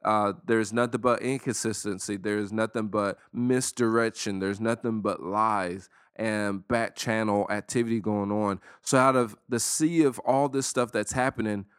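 A man hosting a solo podcast, talking in a casual, emphatic, preachy way and slowing down dramatically to stress words. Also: lowish voice, steady tone, clear, resonant tone, no room sound, studio quality. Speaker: podcast host.

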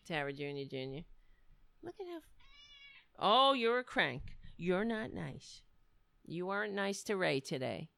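A woman's voice: mid-range voice, gravelly, a bit bright, dry recording. A middle-aged woman hosting a casual livestream, rambling and self-mocking as she chats to viewers and her cat. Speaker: livestream host.

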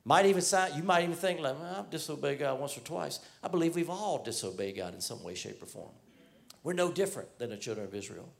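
A man's voice: a little high, lively intonation, quick pace, vocal fry. A man preaching a sermon, retelling a Bible story in casual, everyday speech and speaking the figures' lines in his own voice.

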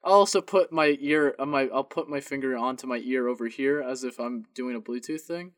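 Here the young co-host's voice sits in the mid range, a touch fast and a bit bright, as he casually rambles through his wrong-number phone call stories and acts out both parties. The sound is dry and studio-clean.

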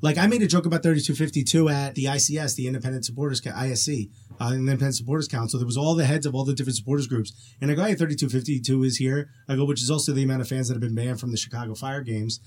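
Fast husky guy telling funny stories, laughs a lot. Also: mid-range voice. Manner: animated storyteller, laughs often. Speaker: podcast guest. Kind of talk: casual podcast chat.

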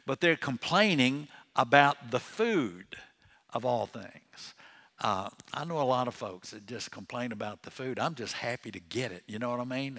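A man's voice: medium pitch, a bit bright. A man preaching a sermon as pastor in a church, conversational and chatty, with joking asides and chuckles.

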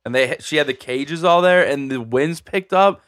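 A man in casual podcast chat, blunt and crude, quick to cut in with his own stories. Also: a little high, fairly bright tone, no room sound, studio quality. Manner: blunt, crude, fast to jump in.

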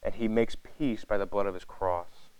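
A man gives a loose, talky sermon, circling back on his own points with fillers and restarts. His voice sits low and comes through smooth and resonant. The recording is dry and close, with no room echo. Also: fairly even intonation, moderate pace, a little mellow. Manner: casual and rambling, many fillers and restarts. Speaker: preacher. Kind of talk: conversational sermon.

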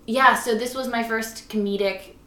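A woman actress and writer chatting casually as an interview guest, animated and laughing often. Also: fairly high pitch, normal speed. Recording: roomy echo with faint room noise.

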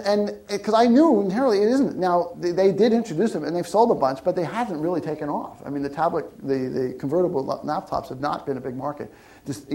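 A middle-aged man giving a casual talk to an audience, animated, often restarting and repeating words. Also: high voice. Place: lecture room with audience.

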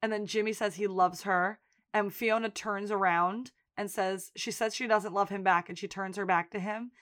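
Acting out what the characters said and laughing often, a female podcast co-host tells the story of a TV episode in a lively, casual chat. She speaks at normal speed with a medium pitch.

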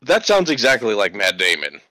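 A man's voice: fairly low pitch, huge pitch swings, moderate pace, sharp tone. A man co-hosting a casual podcast, making dry teasing remarks. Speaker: podcast co-host.

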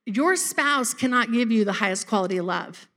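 Her voice is a little high and fairly bright, expressive, at a moderate pace. During a church service she gives an informal sermon, chatty and direct with the congregation, laughing and repeatedly asking if they caught that.

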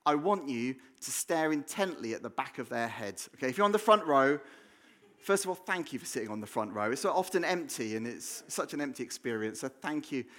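An English man preaches to his church in a loose, conversational way. He jokes, backtracks and repeats words as he thinks aloud, and his voice sits at an ordinary middle pitch. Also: fairly bright tone. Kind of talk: sermon. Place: church hall.

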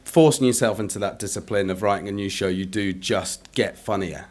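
A man's voice: fairly low pitch, brisk, darkish tone. A man hosting a comedy chat show, upbeat as he introduces guests and steers the talk.

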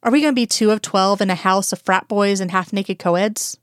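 A woman's voice: medium pitch, moderate pace, smooth, no room sound, studio quality, close to an everyday voice. A woman reading a wry, anxious woman agent. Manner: pleading, whispering, then wry and tart. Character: dry-witted woman agent, anxious and stubborn.

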